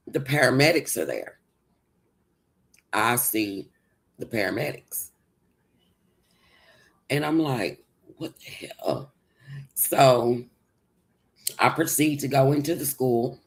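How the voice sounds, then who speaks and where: Slow-talking stream host, rambly story, keeps restarting. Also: mid-range voice, expressive, low-quality recording. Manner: rambling, retells events with many restarts. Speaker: livestream host. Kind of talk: personal storytelling.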